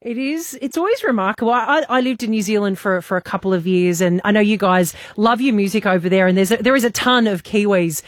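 A woman's voice: mid-range voice, quick pace, few pauses, no room sound. A woman co-hosts radio, chatty and bubbly. Her voice sounds close and dry in the studio. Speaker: radio co-host. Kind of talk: casual radio chat.

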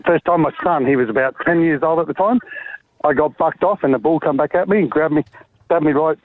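Blunt Australian caller on a phone line. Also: male voice, on the high side, brisk. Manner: blunt, matter-of-fact. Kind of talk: phone-in story.

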